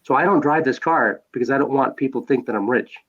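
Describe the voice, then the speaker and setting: A man's voice: mid-range voice, fast, fairly bright tone, dull audio. An older man, a podcast guest, telling stories in a conversational way, repeating phrases for emphasis. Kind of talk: conversational storytelling.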